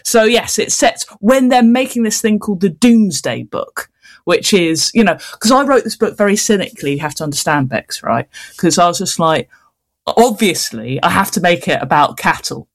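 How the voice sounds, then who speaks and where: A woman's voice: lowish voice, lively intonation, moderate pace. A woman children's author chatting in an interview, self-mocking and full of casual fillers.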